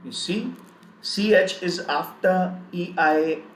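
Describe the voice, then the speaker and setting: A man teaching a live online German pronunciation lesson, spelling out letters and repeating sounds in slow drills. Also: high-pitched. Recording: echoey room with faint background noise.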